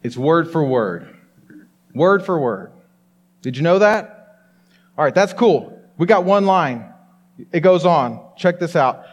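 A man preaching with animated emphasis to his congregation. His voice sits a little high. The sound carries the long reverb of a church hall. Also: slow pace, long pauses. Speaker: pastor. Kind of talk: sermon.

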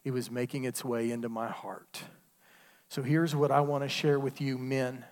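A man's voice: mid-range voice, fairly even intonation, normal speed, darkish tone. A man, preaching a sermon with call-and-response asides. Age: 50s. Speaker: pastor. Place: church sanctuary. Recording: long hall reverb.

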